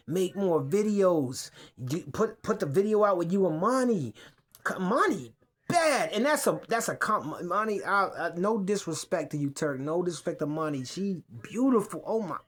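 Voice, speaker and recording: A man's voice: high-pitched, lively intonation, a little slow, fairly bright tone. A man hosting a podcast from a couch in his home man cave, ranting casually, cursing a lot and repeating himself as he rambles. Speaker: podcast host. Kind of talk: casual rant to camera.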